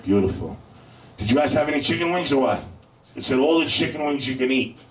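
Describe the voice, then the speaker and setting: A man's voice: medium pitch, lively intonation. Man hosting a comedy club, roomy and distant. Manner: banters with the crowd, drawn-out punchlines. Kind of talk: stand-up and crowd work. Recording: roomy club sound from afar with faint noise.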